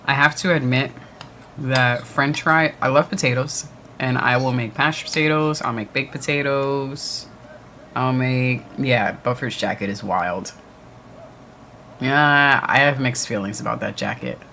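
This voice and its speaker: A man's voice: mid-range voice, unhurried, vocal fry, bright, forceful tone, a little hiss or hum. A man co-hosting a livestream watch party, chatting casually and answering viewer comments. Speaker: livestream co-host. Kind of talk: casual chat with live chat.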